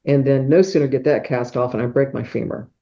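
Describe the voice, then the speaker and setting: Middle-aged woman guest, dark mellow tone, lively storyteller who acts out sounds; muffled podcast audio. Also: extremely low pitch, fairly quick. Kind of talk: personal storytelling in an interview.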